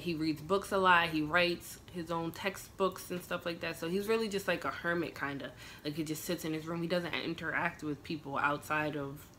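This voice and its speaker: A woman's voice: fairly low pitch, fairly bright tone, slight background noise. A young woman from the United States telling a long personal story in a casual, rambling way, full of fillers and quoted dialogue. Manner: chatty, filler-heavy retelling with quoted dialogue. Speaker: vlogger.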